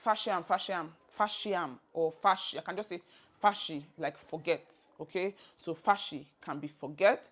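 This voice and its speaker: A woman's voice: medium pitch, a bit bright. A Nigerian woman giving a casual video lesson, playfully acting out example phrases as she teaches. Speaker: language tutor.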